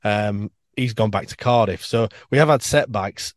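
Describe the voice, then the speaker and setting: Male interview guest, low-pitched, dry close sound; chatty, upbeat fan talking in long runs. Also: moderate pace, no room sound. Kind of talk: casual interview chat.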